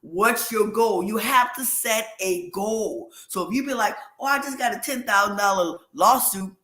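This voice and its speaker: A woman guest in a casual chat, telling her story with quick asides and laughs. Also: mid-range voice, a bit bright, echoey room.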